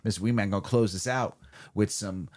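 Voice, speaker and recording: A man's voice: fairly low pitch, normal speed, darkish tone, no room sound, clean studio sound. A man co-hosting a casual podcast, reading news in a laid-back way, laughing often and stumbling over foreign words. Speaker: podcast co-host.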